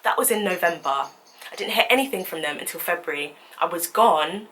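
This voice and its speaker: A young woman telling a story in a vlog, animated and indignant as she recounts it. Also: lowish voice, a little fast, slight background noise, poor audio. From United Kingdom. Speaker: vlogger.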